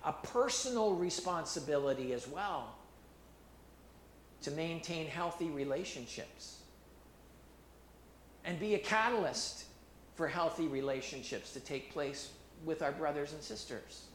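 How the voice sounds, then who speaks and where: A man with a high voice preaches an animated, emphatic sermon, circling back over his words and restarting phrases as he builds. His voice rings through an echoey church hall. A faint hiss of background noise sits under it. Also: measured pace, long pauses. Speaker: pastor.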